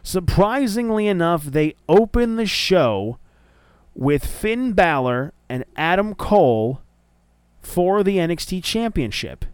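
Smooth-voiced man chatting about wrestling. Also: high voice, big pitch swings, slow pace, no echo. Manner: enthusiastic, loose and profane, with frequent fillers. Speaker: wrestling podcast host. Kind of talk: casual wrestling commentary chat.

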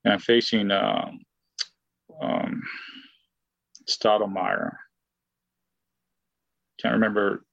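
A man with a lowish, gravelly voice tells a personal story in a loose, rambling way, full of fillers, restarts and acted-out quotes. The recording sounds dull and lo-fi, with a dry, close sound. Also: sing-song, very slow, pauses often, a bit bright, dry recording. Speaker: guest, former baseball player. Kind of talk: casual anecdotal storytelling.

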